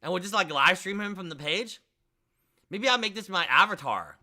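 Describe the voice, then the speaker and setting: A man hosting a casual live stream, talking in excitable, rambling, jokey bursts. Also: high-pitched, normal speed.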